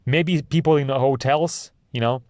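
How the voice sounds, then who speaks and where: A young man, talks off the cuff as a podcast host in a middle-pitched voice. He rambles and hesitates with lots of ums and uhs, and he swears freely. The sound is dry and close, with no room echo. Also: moderate pace, darkish tone. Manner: meandering, hesitant with many fillers, profane. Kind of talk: casual rambling monologue.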